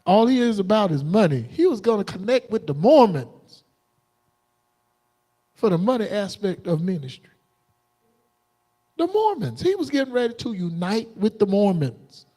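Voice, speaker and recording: A man preaching a combative, defiant sermon on a livestream, jumping into sudden high outbursts. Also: animated, moderate pace, mellow. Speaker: preacher streaming live.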